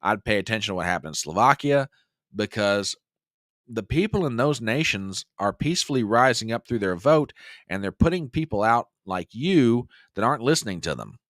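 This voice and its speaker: A lowish-voiced American man hosting a political live stream, riffing on the news with indignant energy. His sound is dry and close, with no room around it. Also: expressive, normal speed, fairly bright tone, no room sound. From United States. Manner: indignant, reads news aloud and mocks quotes. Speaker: host.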